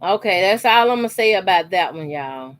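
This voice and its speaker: A woman's voice: mid-range voice, animated, a little fast, no room sound. A woman, chatting casually to her viewers while she cuts fabric scraps for a quilt, emphatic and repetitive. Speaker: sewing channel host. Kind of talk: casual chat while sewing. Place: her sewing corner at home.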